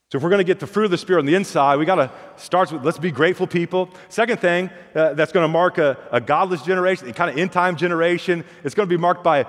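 A man's voice: on the high side, animated, fast talker. A male pastor preaching a sermon in a folksy, storytelling way, often restarting and repeating words. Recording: long hall reverb.

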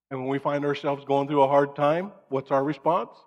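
A middle-aged man preaching a sermon, shifting between raised, acted-out prayers and a quiet hush. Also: mid-range voice, normal speed, few pauses, lo-fi sound. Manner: dramatic, acts out prayers and quotes in raised voices, drops to soft hush. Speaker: pastor. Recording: long hall reverb.

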